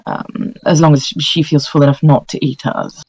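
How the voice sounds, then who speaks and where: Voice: mid-range voice, flat delivery, moderate pace, darkish tone, husky, no room sound, rough recording. Polite player in a dry room. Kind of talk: in-character tabletop role-play.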